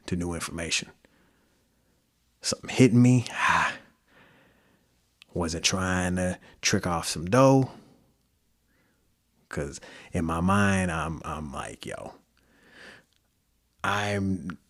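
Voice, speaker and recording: A man with a Midwestern American accent hosting a solo podcast, talking loosely and conversationally with slang and fillers. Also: sits low. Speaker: podcast host. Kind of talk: casual solo podcast monologue.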